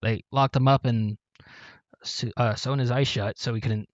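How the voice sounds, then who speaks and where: A man's voice: mid-range voice, fairly even intonation, moderate pace, dry recording. A man hosting a casual talk about comics, recapping plots with many ums and restarts. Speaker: podcast host. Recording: dull, dry lo-fi sound.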